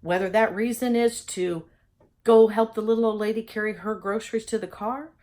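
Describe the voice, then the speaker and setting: A woman's voice: mid-range voice, fairly even intonation, moderate pace, darkish tone. An older woman giving a motivational vlog talk, exuberant and preachy, laughing often as she speaks. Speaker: inspirational vlogger.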